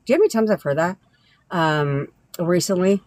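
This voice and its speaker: A woman's voice: lowish voice, lively intonation, a little fast, darkish tone, a little hiss or hum. A woman from Southern California, a manifestation coach, ranting bluntly and profanely on a live stream, laughing often.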